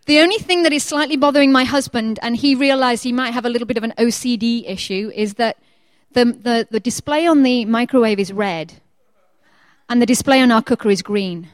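A woman preacher in her thirties telling a chatty personal story with animated quoted voices before turning to her sermon. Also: on the high side, a little fast, dry recording.

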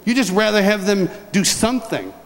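Speaking at a moderate pace in a voice that sits high, a man recounts his personal testimony as comic storytelling. He acts out each scene and its voices with animation, and the recording has big-hall reverb and faint ambience.

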